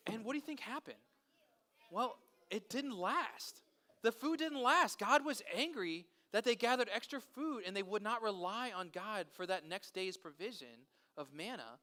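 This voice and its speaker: A man's voice: high voice, unhurried. A man leading a children's service outdoors, telling a Bible story and quizzing the kids. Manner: animated, asks kids questions. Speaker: children's pastor. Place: outdoors in a park.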